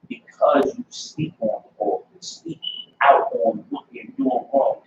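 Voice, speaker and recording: A man tells his story to a class in an emphatic, lively voice, with a gravelly edge and big pitch swings as he acts out other people's lines. He is far from the mic in a very echoey room, and the recording sounds dull and lo-fi with faint noise. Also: unhurried. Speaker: class member giving testimony. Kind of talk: personal testimony in a class.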